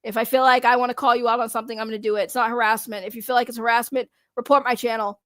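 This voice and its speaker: A woman's voice: on the high side, little pitch movement, very fast, fairly bright tone, no echo, clean studio sound. A woman streamer giving casual, sarcastic live commentary, rambling with restarts and laughs.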